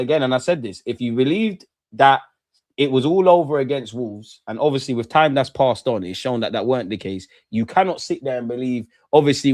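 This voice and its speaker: A young man hosting a football watchalong, talking in animated, slangy, ranting bursts that settle into calmer match analysis. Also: mid-range voice, dry recording. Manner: animated, slangy, rants then calms. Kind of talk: casual post-match reaction.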